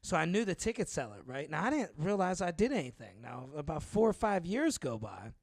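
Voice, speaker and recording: A man's voice: a little high, big pitch swings, brisk, creaky, dry recording. A man, a stand-up comedian hosting the show, chatting casually and backing his guest with short replies. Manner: chatty, backs the other speaker with short replies. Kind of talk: casual chat.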